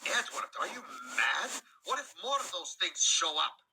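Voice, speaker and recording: A man's voice: high voice, sing-song, unhurried, bright, forceful tone, pitched above the performer's own voice, full character voice. A man voicing a hot-tempered male steam engine with a put-on Scottish accent, in a noisy home recording. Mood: agitated.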